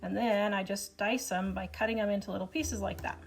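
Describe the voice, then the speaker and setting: A woman's voice: mid-range voice, steady tone, fairly quick, creaky, faint music behind. A woman with a Kansas accent hosting a casual cooking demonstration in her home kitchen, chatty and joking, laughing often. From Kansas, USA. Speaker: cooking show host.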